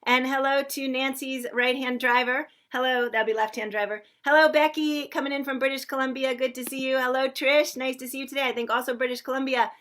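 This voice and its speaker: A woman's voice: high-pitched, little pitch movement, a little fast, hardly any pauses, a bit bright. A woman hosting a daily online sing-along, chattily welcoming viewers by name on a livestream from a room she shares with other singers. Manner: effusive and chatty.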